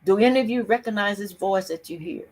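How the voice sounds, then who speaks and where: An older woman, a summit speaker, earnestly tells a personal story over a video call. Her medium-pitched, darkish voice is emphatic, speeding up and slowing down.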